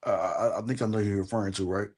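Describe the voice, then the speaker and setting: A man hosting a podcast, reacting to his guest with short acknowledgments and quick questions. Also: fairly low pitch, steady tone, a little mellow, slightly rough. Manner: brief reactions and backchannels. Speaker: podcast host. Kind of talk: casual podcast interview.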